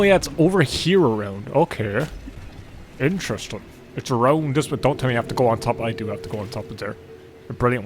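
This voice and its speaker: Chatty man playing games. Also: mid-range voice. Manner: chatty, jokey, swears freely. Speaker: gaming YouTuber. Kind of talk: casual gameplay commentary. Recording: faint game music behind.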